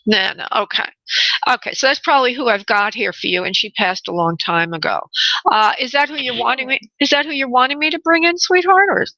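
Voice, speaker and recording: Bright-voiced, affectionate woman radio host. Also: on the high side, fairly quick, no echo. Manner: affectionate, calls callers honey and sweetheart; chatty, laughs readily. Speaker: radio show host and spirit medium. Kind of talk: call-in radio readings. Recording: slightly dull radio audio.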